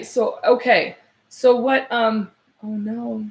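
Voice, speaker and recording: Speaking at medium pitch, a female psychic medium conducts a live reading with a searching, hesitant manner, many fillers, and frequent restarts. Messages she passes on come out soft and slow.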